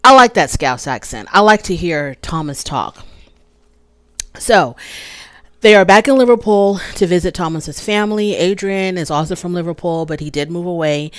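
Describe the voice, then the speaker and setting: Low-voiced American woman recapping TV. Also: normal speed, dry recording. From United States. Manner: chatty, recounts scenes with quoted lines. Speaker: reality TV recap host. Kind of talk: casual solo recap.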